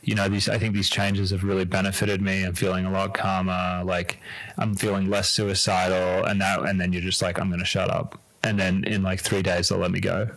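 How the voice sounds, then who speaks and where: Male doctor-host, very deep voice, supportive, probing questions, dry close mic. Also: monotone, brisk, creaky, fairly bright tone, dry recording, rough recording. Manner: affirming, asks probing questions. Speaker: interviewer, physician. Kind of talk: conversational interview.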